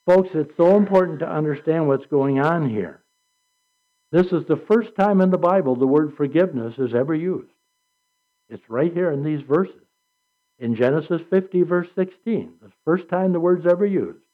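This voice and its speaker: A man preaching a sermon with an animated delivery, reading scripture aloud and acting out quotes. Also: fairly high pitch, moderate pace. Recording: dull lo-fi recording.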